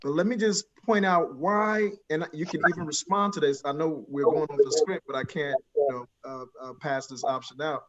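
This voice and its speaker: A man's voice: a little high, moderate pace, few pauses, muffled recording, a crowd in the background. A man moderating a panel discussion, eager and affirming, jumping in with agreement.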